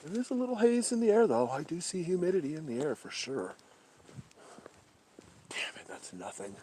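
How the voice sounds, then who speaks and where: Hushed, profane man. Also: high voice, big pitch swings, fast, a little hiss or hum. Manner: profane, often hushed and whispering. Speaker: livestream host. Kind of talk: casual livestream commentary. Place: outdoors at night in brush by a creek.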